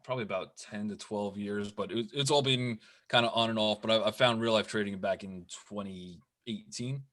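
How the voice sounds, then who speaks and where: A man, a day trader, talking in an easygoing, halting way and often repeating his words. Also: fairly low pitch, a bit bright. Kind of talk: casual chat.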